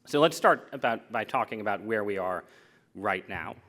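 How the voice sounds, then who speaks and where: In a lecture hall, this American guest speaker delivers a public talk in a lowish, expressive, slightly bright voice at normal speed. His humor is self-deprecating, and he frequently starts sentences over.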